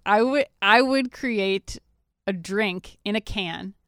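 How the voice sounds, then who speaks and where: A woman's voice: mid-range voice, slow pace, a bit bright, clean tone, dry recording, studio quality. A woman in her forties from Minnesota co-hosting a retail podcast, telling playful stories and reading sponsor messages. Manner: chatty, playful storyteller. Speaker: podcast co-host. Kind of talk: casual chat and sponsor reads.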